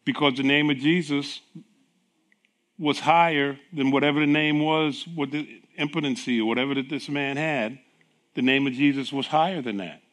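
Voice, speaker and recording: A man's voice: mid-range voice, normal speed. A middle-aged man preaching a sermon, telling stories with acted dialogue and frequent laughs. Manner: animated storytelling with acted dialogue, laughing often. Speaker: pastor.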